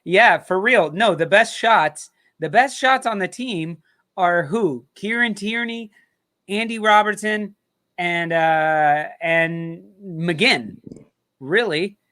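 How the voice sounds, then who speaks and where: An American man hosts a trivia hangout with slow, unhurried speech. His voice is bright and fairly high for a man. He jokes, swears and laughs his way through it. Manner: laughing, swearing, jokey asides. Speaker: host. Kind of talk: casual trivia banter.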